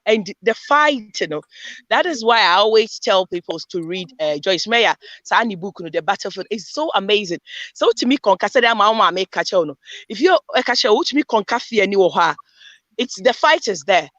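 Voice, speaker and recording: A woman, a panelist in a casual group discussion, telling animated stories and mixing in Twi phrases. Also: medium pitch, normal speed, no echo, muffled recording.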